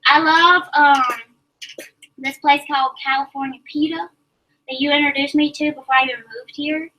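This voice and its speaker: Brief: enthusiastic woman host, high bright voice, chatting while cooking, mic at a distance. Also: fairly even intonation, moderate pace. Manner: chatty and enthusiastic, explains steps as she goes. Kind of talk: casual live stream chat while cooking.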